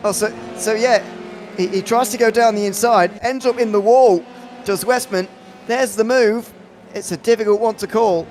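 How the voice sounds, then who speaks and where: A man commentating an online sim race, chatty and self-deprecating, with quick asides. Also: high-pitched, fairly even intonation, darkish tone, a little hiss or hum.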